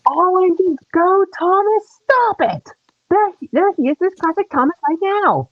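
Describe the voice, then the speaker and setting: A speaker chatting casually on a live stream, slow-paced and playful and prone to heckling. The voice moves up and down a lot in pitch and sits on dry, muffled lo-fi audio. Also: big pitch swings, no echo.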